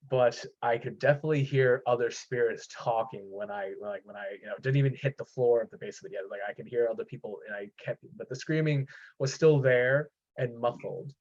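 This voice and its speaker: A man telling a personal paranormal story in casual chat, rambling with many fillers and restarts. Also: medium pitch. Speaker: podcast host. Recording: dull lo-fi sound.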